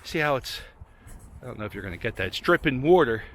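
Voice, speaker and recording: On a snowy, abandoned waterfront, a vlogger who explores derelict places rambles to his dog while filming on a handheld camera. His medium-pitched voice is animated, quick and a bit bright, with outdoor noise in the recording.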